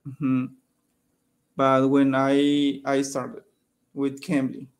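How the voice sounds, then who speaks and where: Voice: medium pitch, completely flat delivery, very slow, smooth. A native Spanish speaker practicing English on a video call, answering briefly and hesitantly. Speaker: English learner. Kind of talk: casual chat on a video call.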